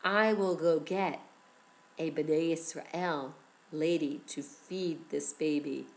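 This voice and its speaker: A woman's voice: deep voice, fairly even intonation, slow pace, pitched below the performer's own voice. A woman voicing an eager young girl in a children's story, urging her mother to hurry. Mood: urgent. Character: quick-thinking young girl, urgent and eager.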